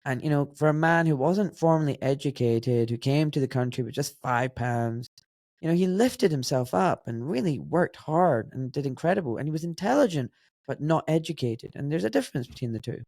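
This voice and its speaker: A man's voice: fairly high pitch, animated, fairly quick, gravelly, darkish tone, dry recording, studio quality. Blunt Glaswegian man in his forties. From Scotland. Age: 40s. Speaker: podcast guest. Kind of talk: casual interview conversation.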